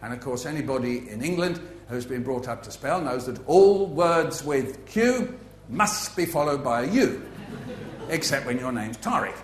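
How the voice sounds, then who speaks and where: A man's voice: medium pitch, expressive, normal speed, echoey room. A man giving a humorous author talk to a live audience, playful and facetious, full of asides. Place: festival venue with an audience.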